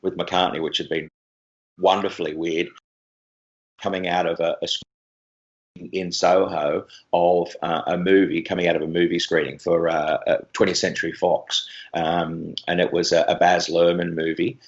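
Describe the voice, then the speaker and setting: A man, a radio presenter telling rambling, animated stories in an interview. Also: deep voice, moderate pace, highs cut off. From Australia. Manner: rambling, animated storyteller with many restarts. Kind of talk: anecdotal interview chat.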